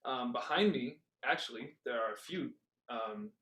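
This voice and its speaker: A man's voice: mid-range voice, unhurried, bright, forceful tone. A man hosting a podcast interview, asking questions in a hesitant way with many fillers and restarts. His speech is plain and conversational, moving steadily toward each question. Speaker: podcast host. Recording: roomy echo.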